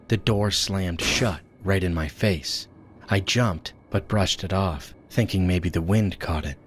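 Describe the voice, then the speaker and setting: A man narrating a scripted horror story in a measured, steady way. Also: low voice. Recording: voice-over with music behind.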